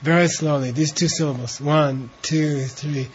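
A man leading a translation class, talking slowly and relaxed while he coaches pronunciation. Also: on the high side, breathy edge. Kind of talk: informal class talk with chanted reading. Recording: dull lo-fi classroom recording.

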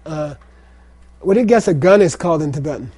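Lecturing on Tibetan pronunciation and texts, this middle-aged teacher of Tibetan language and Buddhist texts has a slightly high, dark-toned voice with a breathy edge. He is animated and brisk, often repeating phrases and asking "okay?" to check on his students.

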